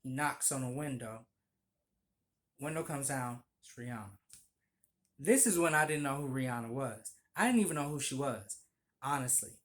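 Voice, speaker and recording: Man, casual vlog storytelling, animated, acts out quoted voices, medium pitch. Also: moderate pace, pauses often. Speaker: vlogger telling stories of his barista job.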